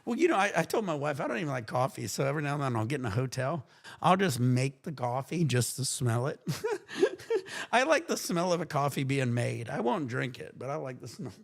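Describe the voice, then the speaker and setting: Animated man hosting a casual livestream. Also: medium pitch, a little fast, gravelly. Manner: animated, talks over others, insistent. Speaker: livestream host. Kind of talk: casual stoner chat.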